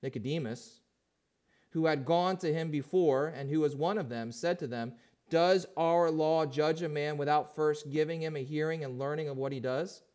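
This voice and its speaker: A pastor preaching a sermon in a high-pitched male voice. He poses questions to his listeners and moves between quiet, drawn-in passages and louder, emphatic ones. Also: moderate pace. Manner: asks the congregation questions, swings from hushed to emphatic.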